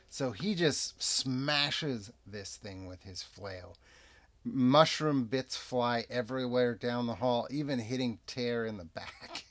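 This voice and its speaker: A man narrating and rules-explaining a solo tabletop role-playing game in an unhurried, chatty way. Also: medium pitch. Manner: unhurried, chatty, lively ups and downs. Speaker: game master and player.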